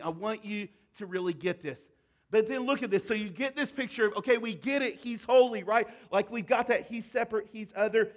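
A man preaching a sermon as pastor, conversational and earnest, building to loud emphatic repetition. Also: high voice.

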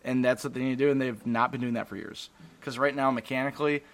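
A man's voice: medium pitch, fast. Rambling man talking cars. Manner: rambling, animated, self-interrupting. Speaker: podcast co-host. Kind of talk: casual car talk.

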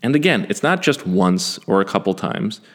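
A man in his forties tells a personal story and pokes fun at himself, swearing now and then. His voice sits fairly low but swings widely in pitch as he gets worked up. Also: moderate pace. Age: 40s. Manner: self-deprecating, animated, occasional swearing.

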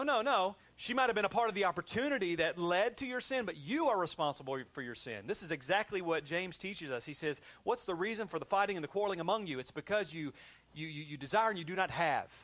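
Lively conversational male preacher. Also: fairly high pitch. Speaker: pastor. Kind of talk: sermon.

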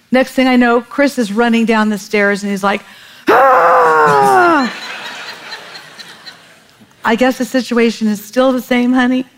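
A middle-aged woman tells a parenting story in casual conversation, animated and laughing often as she acts out quotes. Her voice is fairly high and creaky, and the recording is rough.

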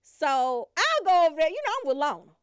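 A woman's voice: sits high, fairly quick, no room sound, clean studio sound. A woman telling a funny family story in a loose, casual way, laughing often and acting out her relatives. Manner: animated, laughs often, acts out family members. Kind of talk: comic storytelling.

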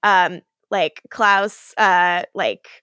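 A woman co-hosting a podcast, recapping scenes in casual chat, acting out the dialogue in quick paraphrase, swearing and laughing often. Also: fairly low pitch, fairly even intonation, sharp tone, smooth, no room sound. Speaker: podcast co-host.

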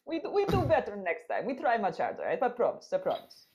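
A woman's voice: medium pitch, wildly swooping pitch, fast talker, a little mellow, dull audio. A woman co-hosting a casual podcast, teasing and swearing in sarcastic banter. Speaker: podcast co-host.

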